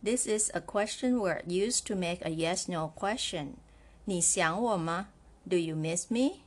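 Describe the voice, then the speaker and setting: A woman's voice: lowish voice, a little slow. A woman teaching a Chinese language lesson, explaining step by step, repeating example phrases and often checking in with "right?". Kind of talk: slow, patient spoken lesson.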